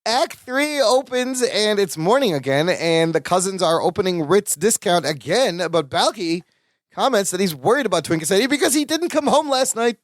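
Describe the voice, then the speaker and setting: A man's voice: high-pitched, expressive, normal speed, no echo, studio quality. A man co-hosting a podcast, playfully recapping a sitcom episode and laughing often. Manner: playful, laughs often while retelling scenes. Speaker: podcast co-host.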